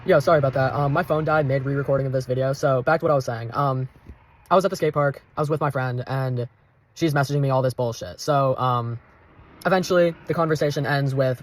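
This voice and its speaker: A man's voice: mid-range voice, quick pace. A young man telling a personal story in a rambling, profane, heated vlog rant. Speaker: vlogger.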